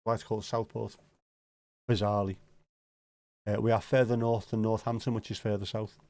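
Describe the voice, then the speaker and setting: A man's voice: fairly low pitch, little pitch movement, normal speed, a little mellow, no room sound. A man with a Scouse accent hosting a casual livestream, rambling and joking as he answers viewer comments, swearing now and then. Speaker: livestream host.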